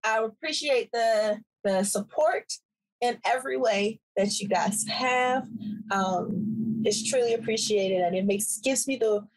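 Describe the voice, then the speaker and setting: A woman's voice: on the high side, a little slow, rough recording. A woman from the Washington DC area co-hosting a podcast in casual chat, playful and laughing often. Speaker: podcast co-host.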